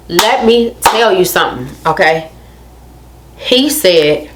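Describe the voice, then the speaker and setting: A woman's voice: fairly low pitch, lively intonation, takes it slowly. A young adult woman, telling a story in a casual, emphatic rant to her viewers and repeating her points. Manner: emphatic, repeats phrases, addresses viewers directly. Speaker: vlogger.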